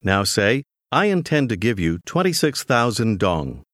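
Lively, deep-voiced male course narrator. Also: no echo, studio quality. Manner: clear, measured prompting. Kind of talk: scripted instructional narration.

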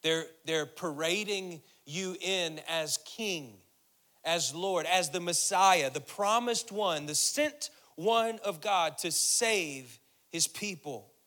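Speaking slowly in a high-pitched, pushed and bright voice, this pastor delivers a sermon that grows more intense as it goes. He repeats phrases to stress them while reading and explaining scripture, at times taking on Jesus' words.

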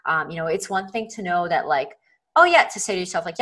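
A woman with a slightly low voice speaks as a podcast guest over a video call. She talks earnestly, with lots of "like" and "um", and acts out little inner voices as she goes. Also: big pitch swings, fast, pushed and bright, poor audio. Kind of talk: casual interview chat.

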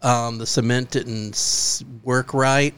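A man on a casual podcast recounting a local story in a relaxed, unhurried way. His voice is smooth and clear. He lingers on fillers as he works through the details. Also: mid-range voice. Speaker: podcast co-host.

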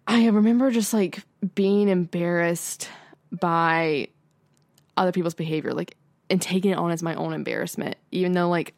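Chatty young woman, lowish voice. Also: a little mellow, dry recording. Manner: chatty, fills speech with "like", rises sharply when retelling. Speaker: podcast co-host. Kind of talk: casual chat.

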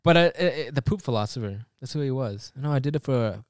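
A man's voice: mid-range voice, expressive, fast, a little mellow, no echo, clean studio sound. A man co-hosting a podcast, chatting casually in a loose, rambling way and swearing now and then. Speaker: podcast co-host. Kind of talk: casual chat.

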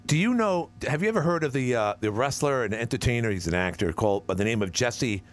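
A middle-aged man hosting a call-in radio show, jovial and quick to laugh. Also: mid-range voice, expressive. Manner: jovial, laughs often, interrupts. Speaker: radio talk show host.

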